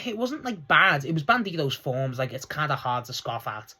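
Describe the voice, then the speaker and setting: An excitable young man with a somewhat high voice chats casually through a wrestling recap. He rambles, restarts his sentences and breaks into laughter often. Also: moderate pace, few pauses, slightly rough. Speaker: wrestling show reviewer.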